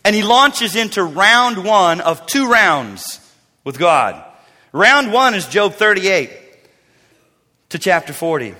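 A man preaching a sermon, telling stories with dramatic swings between loud bursts and hushed asides. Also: high-pitched, sing-song, takes it slowly, long pauses. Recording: long reverb of a large hall.

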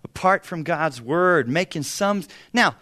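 Man in his fifties, pastor, sermon, chatty and funny, punchy emphasis, slightly high voice. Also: animated, takes it slowly, bright, forceful tone. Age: 50s. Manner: conversational, humorous storytelling with sudden bursts of emphasis.

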